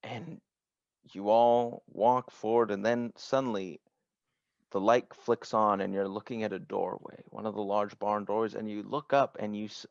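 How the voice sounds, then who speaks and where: Slow, gravelly man running a tabletop game. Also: lowish voice, a little mellow, no room sound. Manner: slow, halting, with many restarts. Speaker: game master. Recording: dry, dull lo-fi sound.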